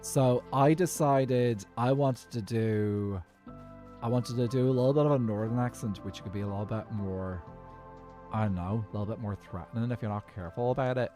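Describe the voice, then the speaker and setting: A man's voice: on the low side, music in the background. Rambling Dublin-accented man streaming a game. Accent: Irish, Dublin. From Ireland. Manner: rambling, halting, with many fillers and restarts. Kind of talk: casual gameplay chat while streaming.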